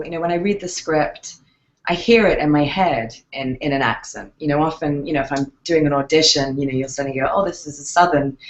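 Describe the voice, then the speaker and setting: A woman's voice: low voice, dull audio. A woman with an English accent, answering interview questions thoughtfully, with frequent fillers and restarts. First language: English accent in real speech. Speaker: actress interviewed as guest.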